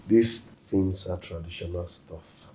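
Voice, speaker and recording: A man's voice: sits low, slow pace, echoey room. An actor with a Nigerian accent playing a self-assured young businessman who speaks in a dismissive, firm way.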